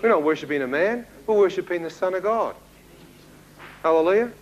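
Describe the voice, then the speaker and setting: A man from New Zealand with a New Zealand accent, telling his testimony as a sermon and acting out the dialogue in an animated way. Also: sits high, fairly quick, muffled recording. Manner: animated storyteller who acts out dialogue, with laughs. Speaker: preacher giving a testimony.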